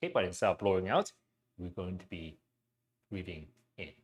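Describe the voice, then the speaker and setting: A man leading a guided breathing exercise class into his own mic, speaking gently, with frequent "okay" and "um". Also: low voice, lively intonation, fairly quick. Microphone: personal mic.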